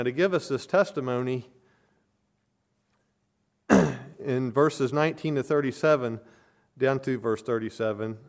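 Earnest male pastor preaching emphatically. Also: mid-range voice. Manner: earnest and emphatic, with repeated phrases. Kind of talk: expository sermon.

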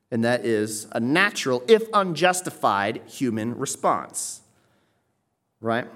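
A man delivers an expository sermon, walking his listeners through a passage in plain, explanatory terms. He often pauses to check that they are following. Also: mid-range voice. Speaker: preacher.

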